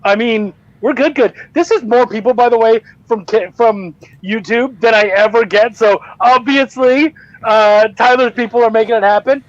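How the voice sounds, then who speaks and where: A man's voice: very high voice, moderate pace, hardly any pauses, no room sound. A man hosting a podcast who reacts to his guest with jokes and casual swearing. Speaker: podcast host. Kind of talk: casual chat. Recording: slightly dull lo-fi sound.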